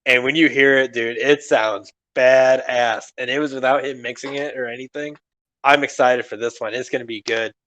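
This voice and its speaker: A young man chats loosely on a podcast, rambling from one thought to the next and swearing as he goes. His voice sits in a middle pitch, a little strained from recent screaming, and he laughs often. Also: steady tone, moderate pace, bright, forceful tone. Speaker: podcast co-host. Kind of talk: casual chat.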